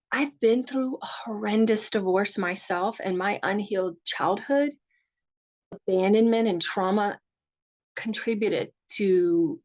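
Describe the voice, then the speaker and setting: Woman, Southern US accent, divorce coach, soft guiding voice, earnest personal story, workshop talk. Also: medium pitch, lo-fi sound. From rural Virginia. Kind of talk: guided meditation and workshop talk.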